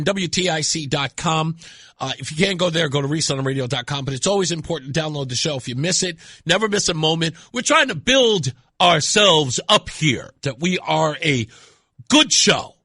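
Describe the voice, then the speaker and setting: A man's voice: a little high, expressive, moderate pace, sharp tone, husky, dry recording, clean studio sound. A man hosting a radio talk show, delivering an emphatic monologue and repeating words for effect.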